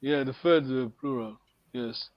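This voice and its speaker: A man's voice: medium pitch, measured pace, no room sound, dull audio. A man teaching a language lesson over a video call, patiently prompting and encouraging his students.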